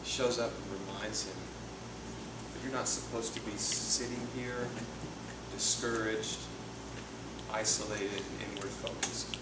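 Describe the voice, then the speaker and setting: A man's voice: on the low side, fairly even intonation, measured pace, long pauses. A man in his thirties preaching a playful, jokey sermon to a youth group, with frequent laughter. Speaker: youth pastor. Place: church hall. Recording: echoey hall from far off, noisy.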